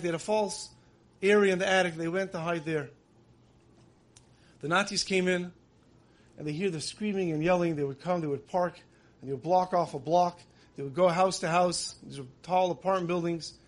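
Guy preaching a sermon, high voice, earnest storyteller. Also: fairly even intonation, brisk. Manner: earnest storytelling, building emotion. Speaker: religious teacher.

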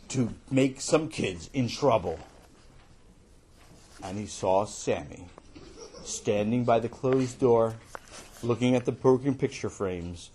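A man telling a children's story in an animated, playful way, with casual asides. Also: lowish voice, slight background noise.

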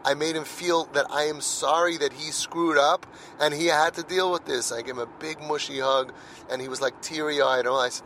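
A man's voice: fairly high pitch, fairly even intonation, a little fast, a bit bright, a little hiss or hum, rough recording. A middle-aged man speaking earnestly about parenting, telling personal stories and repeating words when he presses a point. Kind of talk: heartfelt monologue.

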